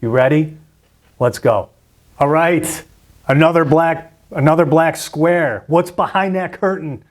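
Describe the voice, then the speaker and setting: A man's voice: a little high, measured pace. A man hosting a trading video, walking viewers through a screen graphic, getting worked up and often repeating himself. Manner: animated, repeats and restarts, gets worked up. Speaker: trading channel host. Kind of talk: excited screen-share explainer.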